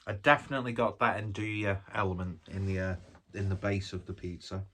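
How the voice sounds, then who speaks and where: A man's voice: low voice, fairly even intonation, fairly quick, a bit bright, slight background noise. A man, chatting casually while reviewing and eating a pizza, rambling from one aside to the next. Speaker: food reviewer. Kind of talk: casual food review vlog.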